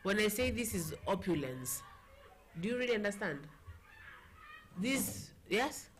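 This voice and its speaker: A woman's voice: mid-range voice, expressive, measured pace, slight background noise. A woman with a Kenyan accent hosting a casual political chat show, chatty and playful, switching languages mid-sentence. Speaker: talk show host.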